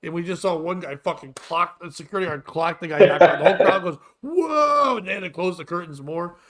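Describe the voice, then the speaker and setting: A man in his forties, a podcast host, ranting crudely and loudly in comedic chat. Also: a little high, fast talker, a crowd in the background. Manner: profane, loud, animated ranting.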